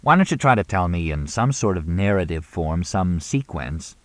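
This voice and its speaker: A man voicing a dry-witted male journalist who quips deadpan. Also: low voice, moderate pace, dry recording. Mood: wry.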